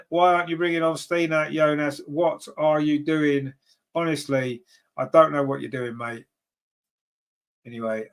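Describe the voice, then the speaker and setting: A man hosting a fan watchalong, calling a live football match and reading viewer comments. He is partisan, grumbles at team choices, and his voice climbs sharply in pitch and loudness when a chance comes. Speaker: fan commentator and channel host.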